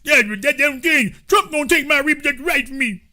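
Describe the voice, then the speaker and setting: A man voicing a foolish grown man who rants indignantly in a high whine, in a mocking skit. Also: a little fast, bright, forceful tone, exaggerated voice. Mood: whining. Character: foolish grown man ranting about his rights.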